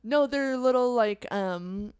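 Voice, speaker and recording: A woman's voice: a little high, takes it slowly, a little mellow, clean tone, no echo, clean studio sound. A woman co-hosting a podcast, chatting in an easygoing, hesitant way with fillers and trailing thoughts. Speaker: podcast co-host. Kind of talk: casual podcast chat.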